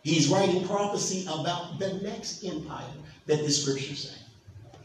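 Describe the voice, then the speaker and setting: A man's voice: high voice, a little slow. Male pastor, sermon, emphatic questions to the crowd, distant mic, faint noise. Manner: emphatic preaching, asks the congregation questions. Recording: echoey hall from far off, faint noise.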